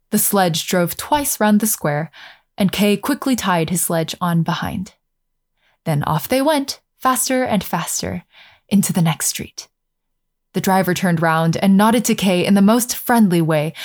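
A woman narrating a fairy tale in a gentle, measured storytelling manner. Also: fairly low pitch.

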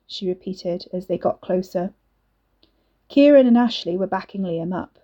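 A woman narrating an audiobook in a measured, expressive reading. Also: mid-range voice, highs cut off.

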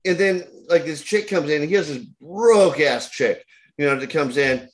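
Man, fairly high voice, podcast guest, animated storyteller, casual chat. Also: moderate pace. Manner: animated anecdote teller with lots of fillers. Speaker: tattoo artist and author, podcast guest.

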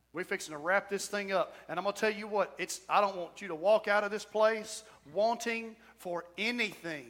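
High-voiced preacher whooping. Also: male voice. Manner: preaching with shouted whoops and emphatic repetition. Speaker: pastor. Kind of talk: sermon. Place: church sanctuary. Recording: church hall reverb.

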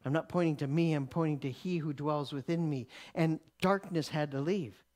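A man preaching, telling a story in an animated way, laughing often and repeating words as he goes. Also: a little high, normal speed. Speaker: preacher teaching. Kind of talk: sermon storytelling.

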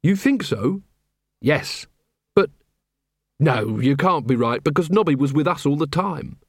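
An eager, naive young male corporal with a raised, bright voice, as a male narrator puts him on. The recording is close and dry. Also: on the high side, lively intonation, unhurried, breathy edge, no room sound, heavily acted. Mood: earnest.

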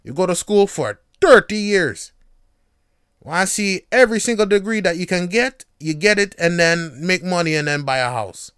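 A loud, bossy parent lectures in a put-on patois, as a man acts it out. The voice is raised, smooth and dry, and it swings up and down with every demand. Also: high-pitched, lively intonation, moderate pace, no room sound, voice pushed up.

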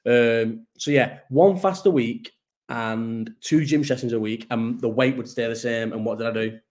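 A man in his early thirties hosts a casual live chat, his mid-pitched voice rambling from one thought to the next. He swears freely and pokes fun at himself as he talks. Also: normal speed, darkish tone. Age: 30s. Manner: rambling, sweary, self-mocking. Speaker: podcast host.

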